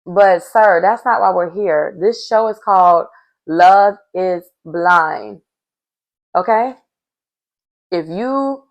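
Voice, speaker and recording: A woman recapping a reality show in a casual, chatty way, with sassy asides aimed straight at her viewers. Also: mid-range voice.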